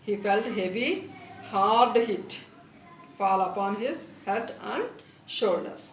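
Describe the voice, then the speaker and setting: A woman's voice: medium pitch, takes it slowly. Woman teacher, Indian English accent, reads a story aloud, explains words, repeats phrases, roomy echo, distant mic, faint hiss. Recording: echoey room, distant mic, faint noise.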